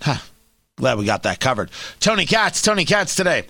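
A man's voice: on the high side, big pitch swings, normal speed, gravelly, bright, forceful tone, no echo. A man hosting a talk radio show, delivering sarcastic, mocking opinion commentary.

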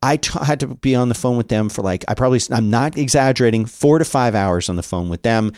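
A man's voice: mid-range voice, fast, darkish tone, dry recording. Casual rambling man, dry close mic. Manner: rambling storyteller with many fillers. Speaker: podcast co-host. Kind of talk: casual chat.

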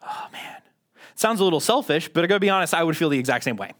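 A man's voice: on the high side, lively intonation, a little fast, fairly bright tone. A man preaching a sermon in a conversational, self-deprecating way, often restarting his sentences. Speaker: pastor.

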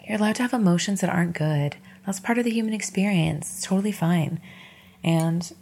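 A woman in her thirties records a solo podcast episode from her bed at home. Her voice sits low with a gravelly, husky grain. She speaks candidly and emotionally, encouraging her listeners and swearing now and then. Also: a little mellow. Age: 30s. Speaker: podcast host. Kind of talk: casual solo podcast monologue.

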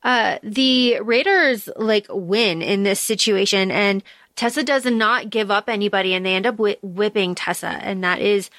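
A woman's voice: mid-range voice, moderate pace, a bit bright, no echo. A woman co-hosting a podcast, chatting casually about a book, swearing freely and using lots of fillers. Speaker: podcast co-host.

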